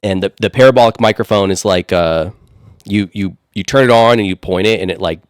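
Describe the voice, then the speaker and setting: A man's voice: lowish voice, fairly quick, clean tone, dry recording, studio quality. A man co-hosting a podcast, telling a long story in a rambling way with lots of fillers. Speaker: podcast co-host. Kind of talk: casual podcast chat.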